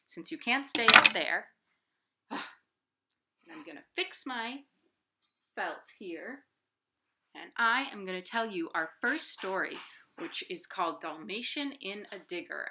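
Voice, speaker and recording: A woman's voice: medium pitch, sharp tone. A woman hosting a library storytime from her home, reading a picture book aloud to children with gasps and playful sound effects.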